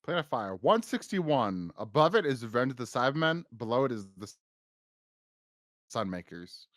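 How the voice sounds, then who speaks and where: A man with a Boston accent co-hosting a casual podcast, blunt and quick to laugh, with emphatic opinions. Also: medium pitch, big pitch swings, a bit bright, no room sound, studio quality. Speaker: podcast co-host.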